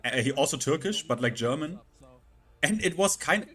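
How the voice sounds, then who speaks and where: A man streaming live and chatting casually, halting and repeating words with many fillers. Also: fairly high pitch, animated, a bit bright.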